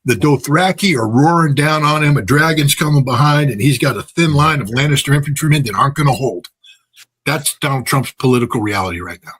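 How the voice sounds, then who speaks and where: A man's voice: mid-range voice, fairly quick, fairly bright tone, husky. A man speaking as a guest political commentator. He talks off the cuff in an emphatic, folksy way, repeating phrases for effect and using plenty of filler words. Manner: folksy, uses everyday examples and laughs at his own points.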